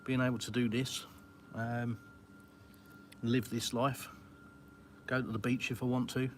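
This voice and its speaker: Middle-aged English bloke, casual live-stream host, mid-pitched and rambling, faint outdoor hiss behind him. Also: male voice, a little slow. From England. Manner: chatty and relaxed, British slang, many fillers. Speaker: vlogger answering viewers live. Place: outdoors by a home swimming pool.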